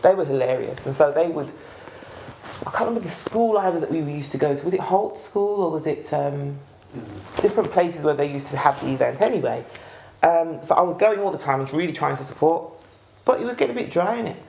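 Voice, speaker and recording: Woman, choir singer, low, gravelly, casual reminiscing, echoey room, faint ambience. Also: expressive, a little fast, a little mellow, a little hiss or hum. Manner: casual, searching for memories. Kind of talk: reminiscing interview.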